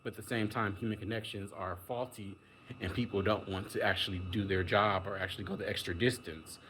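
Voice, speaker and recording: A man's voice: on the low side, steady tone, brisk, fairly bright tone, slight background noise. A man delivering a casual, emphatic monologue rant, exasperated and acting out the people he quotes. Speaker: vlogger.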